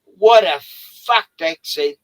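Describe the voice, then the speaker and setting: A man's voice: on the high side, animated, slow pace, low-quality recording. Blunt, argumentative Australian man. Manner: blunt, argumentative, swears freely. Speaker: guest on live stream. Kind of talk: casual chat.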